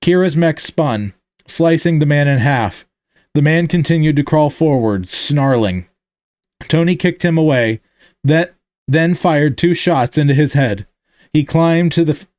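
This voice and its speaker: A man reading his own action story aloud in an online chat, steady but often correcting himself mid-line. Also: fairly high pitch, measured pace, dry recording, clean studio sound.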